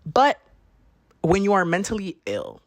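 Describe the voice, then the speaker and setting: A young adult man hosting a podcast, telling a story in a casual, slangy, animated way, swearing and jumping into high-pitched mimicry. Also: unhurried, no room sound. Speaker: podcast host.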